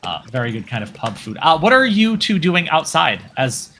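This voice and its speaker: A man's voice: a little high, very animated, normal speed, sharp tone, slight background noise. A man narrating as game master, describing scenes loosely with lots of fillers. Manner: rambling, filler-heavy description.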